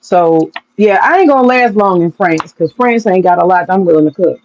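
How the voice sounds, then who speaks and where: A woman's voice: on the low side, expressive, normal speed, a little mellow. A woman streaming live, ranting bluntly and profanely to her chat and breaking into laughter often. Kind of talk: casual livestream rant to chat. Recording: dull lo-fi sound with faint noise.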